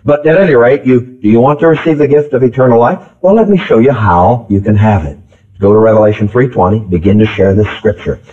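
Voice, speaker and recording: A man's voice: medium pitch, a little fast. Guy preaching a sermon, emphatic, repeats his lines and asks the crowd stuff, sounds tinny like an old phone tape. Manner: emphatic, repeats phrases, calls out to the congregation.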